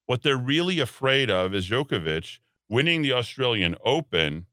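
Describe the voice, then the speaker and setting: A man's voice: medium pitch, very animated, moderate pace, sharp tone, dry recording, studio quality. A man hosting a talk radio show, ranting emphatically and sarcastically, at times putting on mocking voices. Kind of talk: opinionated talk radio monologue. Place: radio studio.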